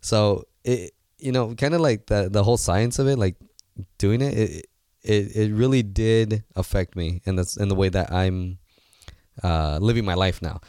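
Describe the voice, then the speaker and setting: A man in his late twenties talks through his thoughts in a relaxed interview, his voice sitting on the low side. He rambles earnestly, restarting sentences and filling pauses as he goes. The sound is dry and close, with almost no room echo. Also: clear, resonant tone. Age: 20s. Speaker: guest, seminar organizer. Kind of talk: casual interview talk.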